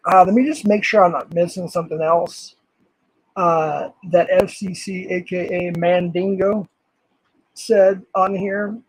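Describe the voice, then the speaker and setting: A man's voice: sits high, fairly even intonation, measured pace, poor audio. An older man streaming live, reading comments aloud in an angry, swearing rant.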